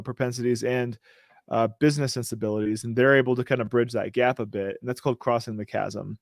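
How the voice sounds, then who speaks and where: Male host, mid-pitched, casual and joking, reading news with a dry close mic. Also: no echo. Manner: joking, riffing asides while reading. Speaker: show host.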